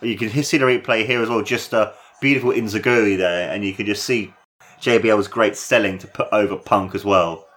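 A lowish-voiced man talks briskly through a wrestling match, giving casual and excitable play-by-play. Big moves send his voice jumping up, and he curses from time to time.

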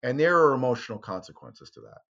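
A man in conversation, recounting a story with lively energy and throwing his voice up high whenever he quotes someone. His audio sounds a bit dull and lo-fi, like a remote call. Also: quick pace. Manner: animated, acts out quotes with sharp jumps in pitch. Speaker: interview guest, former tabloid reporter.

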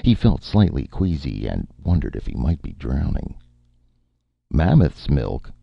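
A man narrating an audiobook story in a steady, measured storytelling voice. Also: rumbling low, vocal fry, no room sound, dull audio. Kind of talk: scripted narration.

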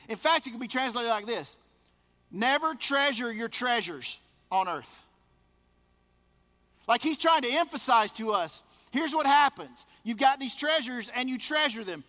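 A man's voice: very high voice, sharp tone, in a large hall. A man preaching a sermon as pastor, emphatic and repeating words for stress.

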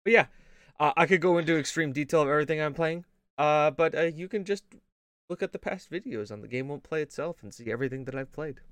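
A man's voice: fairly high pitch, fast, fairly bright tone, no room sound. A man co-hosting a casual gaming show, telling rambling stories full of swearing and laughter. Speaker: podcast co-host.

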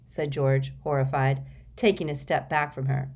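A woman narrating an audiobook with expressive, measured storytelling. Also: a bass voice.

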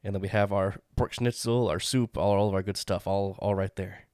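A man's voice: lowish voice, steady tone, fairly quick, darkish tone, no room sound, clean studio sound. A man playing a tabletop role-playing game, jokey and restarting his sentences. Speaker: player.

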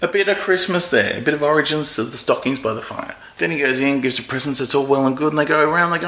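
A man co-hosting a casual podcast, recapping a film with lively swearing and acted-out scenes. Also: mid-range voice, fast, few pauses, roomy sound. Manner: animated, acts out scenes with swearing. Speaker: podcast co-host.

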